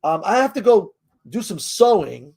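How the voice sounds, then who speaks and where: Figure: sly male rogue thief talking in code, voiced by a man. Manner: casual, conspiratorial. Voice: high for a man. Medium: tabletop game demonstration. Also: big pitch swings, normal speed, creaky, a little mellow, breathy edge, exaggerated voice.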